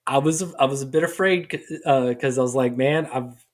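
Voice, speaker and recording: A man's voice: mid-range voice, normal speed. A middle-aged man co-hosting a podcast in casual chat, rambling and self-deprecating, with frequent stammers and restarts. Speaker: podcast co-host.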